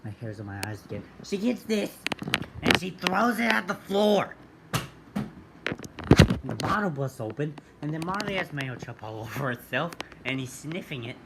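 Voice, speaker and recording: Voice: medium pitch, sing-song, moderate pace, creaky. Goofy storytime vlogger rambling on, mid voice, really noisy recording. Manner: silly, rambling, many fillers.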